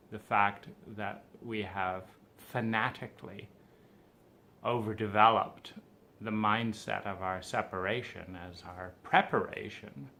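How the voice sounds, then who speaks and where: A man's voice: lowish voice, vocal fry, sharp tone, a little hiss or hum. A man speaking in an earnest, philosophical monologue, rambling with frequent fillers. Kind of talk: reflective spoken monologue.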